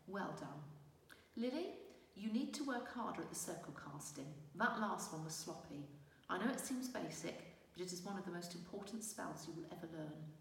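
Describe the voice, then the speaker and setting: A woman voicing a gentle, patient female fairy teacher with a warm, honeyed, reassuring manner, recorded from a distance in a reverberant room. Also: on the low side, gravelly, slight background noise. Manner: reassuring, encouraging.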